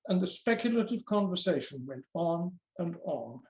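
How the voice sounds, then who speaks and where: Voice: medium pitch, animated, moderate pace, a little mellow, reverberant, highs cut off. A guest reader reading a memoir aloud at a book launch, in a conversational storytelling manner. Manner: conversational storytelling with quoted voices.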